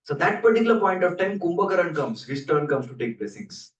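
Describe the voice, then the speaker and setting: A male preacher tells scripture stories with humor, teasing his listeners between points. His voice sits fairly high and carries through a large echoing temple hall from a distance. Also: sing-song, brisk, highs cut off. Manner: humorous, playful asides to the audience. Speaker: preacher giving a scripture class. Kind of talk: sermon storytelling.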